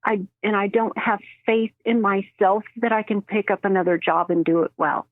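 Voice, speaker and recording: A woman who works as a medium, telling stories in an animated way and acting out the voices in them. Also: mid-range voice, moderate pace, no echo. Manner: animated, acts out quoted voices, laughs often. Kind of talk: storytelling in a phone interview. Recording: dry tinny phone line.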